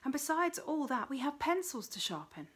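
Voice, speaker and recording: Woman reader as petty-task demon, male, snarling then silky, pitched up. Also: very animated, moderate pace. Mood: coaxing. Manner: snarling, then soft deceitful whisper. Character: sly male demon of petty tasks, menacing.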